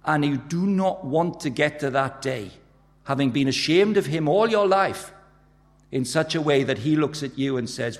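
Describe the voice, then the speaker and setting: Male preacher, gravelly, urgent and emphatic, long echo of a big hall. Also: mid-range voice. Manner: urgent, emphatic preaching with sharp swings in loudness. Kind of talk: sermon.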